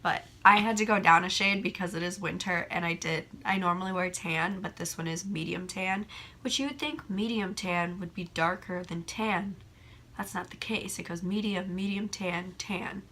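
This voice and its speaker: A young woman with a hoarse voice from a cold, chatting casually and rambling as a beauty vlogger by a window. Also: fairly low pitch, moderate pace, sharp tone. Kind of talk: casual chat. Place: room by a window.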